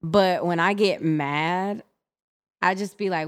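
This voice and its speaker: A woman's voice: lowish voice, takes it slowly, clean tone, dry recording. A young adult woman co-hosting a podcast, talking candidly in casual chat and laughing often. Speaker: podcast co-host.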